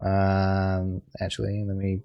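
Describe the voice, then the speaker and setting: A man with a lowish voice runs a tabletop game as its game master. He talks at an unhurried crawl and keeps stopping to restart his sentences. The sound is close and dry, with no room around it. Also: completely flat delivery, creaky, no echo, lo-fi sound. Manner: halting, searching for words with many restarts.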